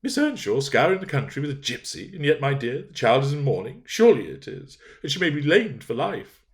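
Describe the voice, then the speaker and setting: A man voicing a shrill, indignant old gentlewoman in a classic novel reading. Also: big pitch swings, a little fast. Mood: shocked. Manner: scandalised, high-pitched exclamations. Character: shrill indignant old lady, genteel mother.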